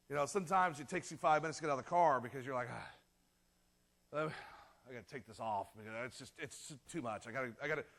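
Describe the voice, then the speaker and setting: A man preaching a sermon in a conversational way, acting out quick quoted voices and laughing at his own jokes. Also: sits high, a bit bright. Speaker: pastor.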